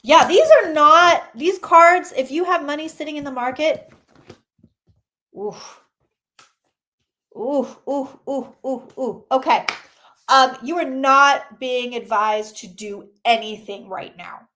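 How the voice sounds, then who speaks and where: A woman reading tarot cards on a casual livestream, chatty and excitable, greeting viewers by name and swearing mildly. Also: high-pitched, takes it slowly.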